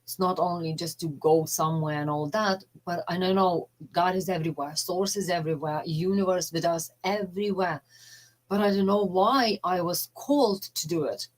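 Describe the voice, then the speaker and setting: A middle-aged woman life coach talking in a casual, earnest and halting way, often emotional, with non-native phrasing. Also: fairly low pitch, rough recording.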